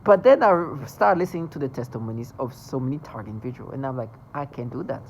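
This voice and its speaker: A vlogger speaking in an emotional monologue, agitated and swearing, swinging between loud bursts and low mutters. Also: animated, fast, slight background noise, low-quality recording.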